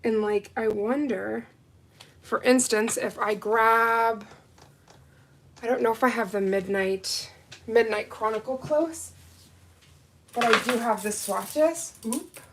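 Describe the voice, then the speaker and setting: A woman with a somewhat high voice hosts a live nail art stream. She chats loosely with her viewers, reads out their comments and answers them as she goes, swinging between relaxed talk and excitement. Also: slow, pauses often, a little hiss or hum. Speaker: nail livestream host. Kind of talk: casual livestream chat with viewers.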